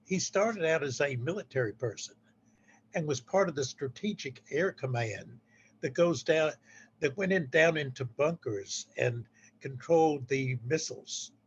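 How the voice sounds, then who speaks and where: A man's voice: fairly high pitch, dull audio, slight background noise. A man presenting poems at a poetry society meeting indoors, earnest, often repeating phrases as he starts them. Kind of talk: casual event presentation.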